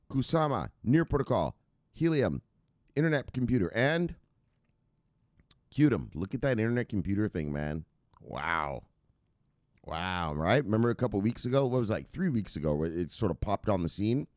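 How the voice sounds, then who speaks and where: A low-voiced man riffs through a casual crypto market rundown, swinging his pitch up and down as he chants sing-song refrains. He swears freely and keeps things loose and playful. The sound is dry and close, with no room echo. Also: a little mellow. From United States. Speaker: crypto news show host.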